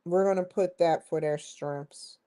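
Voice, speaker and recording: A woman hosting a casual study vlog, thinking aloud, muttering to herself and breaking into excited exclamations. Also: on the low side, measured pace, low-quality recording. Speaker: host.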